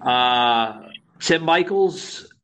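A man's voice: medium pitch, expressive, drawn-out words, fairly bright tone. A man from Florida co-hosting a political podcast, talking frankly and casually with plenty of fillers. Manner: frank, conversational, many fillers. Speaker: podcast co-host.

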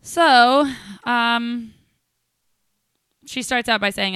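A woman co-hosting a casual podcast, talking frankly and reading a long letter aloud at a quick steady clip. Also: mid-range voice, clean tone, dry recording, studio quality. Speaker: podcast co-host.

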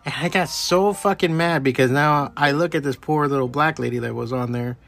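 A man's voice: on the high side, a little fast, vocal fry, faint music behind. A middle-aged man hosting a podcast alone, telling stories in a heated, profane rant. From Miami area. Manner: profane, heated, animated storytelling. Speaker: podcast host. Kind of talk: casual solo rant.

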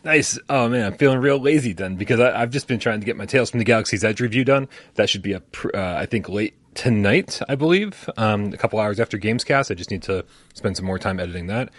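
A man's voice: lowish voice, fast, few pauses, dry recording. A man co-hosting a live gaming podcast, joking and rambling through casual banter. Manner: animated, joking, rambling asides. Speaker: podcast co-host.

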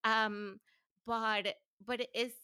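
A woman from Venezuela, a native Spanish speaker, talking as a podcast guest in a relaxed, reflective way, with a Spanish-influenced English accent that carries a slight South African touch and many "like"s. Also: a little high, takes it slowly, smooth, no room sound, clean studio sound. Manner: relaxed and reflective, says "like" often, laughs easily. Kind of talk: casual interview conversation.

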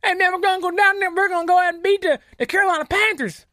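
A woman's voice: very high-pitched, steady tone, fairly bright tone, no echo, studio quality, voice pushed up. A woman voicing a cocky male Boston football fan in a put-on Boston accent. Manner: fast, mock Boston accent.

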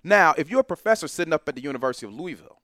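A middle-aged professor talking emphatically as a podcast guest, with bursts of loud laughter. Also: male voice, a little high, animated, racing, no echo, clean studio sound. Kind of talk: heated podcast discussion.

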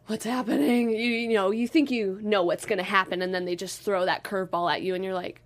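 Young female dancer guest, bubbly and animated, everyday pitch. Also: a little fast. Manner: bubbly, animated storytelling with acted-out quotes. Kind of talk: casual interview.

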